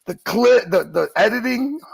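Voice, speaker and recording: A man's voice: sits high, creaky, a bit bright, husky. A man co-hosting a livestream, rambling and swearing as he banters and laughs. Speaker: livestream co-host.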